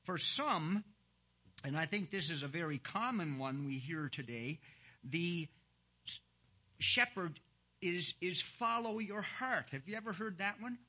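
A man preaching a sermon and leading prayer, halting and earnest, with many "uh" fillers and slow emphasis on key words. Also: fairly high pitch, expressive, sharp tone. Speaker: pastor.

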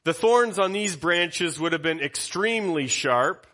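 A man with a bright, forceful voice sitting a touch higher than most men's, walking his congregation through a Bible passage. He teaches in a conversational way and keeps asking them questions as he goes. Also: expressive, a little slow, hardly any pauses. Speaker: pastor.

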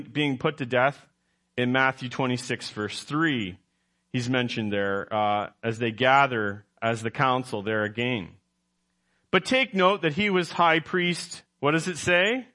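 A man's voice: medium pitch, measured pace, sharp tone. A man preaching a sermon as pastor, emphatic, quizzing his congregation and correcting himself as he goes.

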